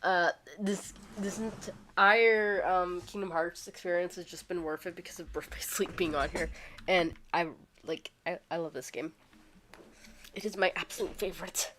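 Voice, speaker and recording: A woman streaming a video game, chatting casually in a hoarse voice from a cold, rambling with many fillers and restarts. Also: on the low side, steady tone, normal speed, a bit bright, slight background noise. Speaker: gaming streamer. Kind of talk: casual livestream chat. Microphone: streaming microphone.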